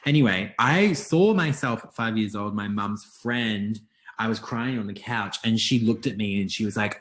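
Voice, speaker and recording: A young man as a podcast guest, talking in a soft, reflective way with frequent restarts in a casual interview. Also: mid-range voice, expressive, moderate pace.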